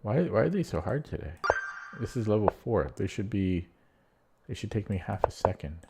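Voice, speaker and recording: A man's voice: on the low side, sing-song, normal speed, gravelly, heavy background noise. A man streaming chess, thinking aloud while solving puzzles, muttering to himself and getting frustrated.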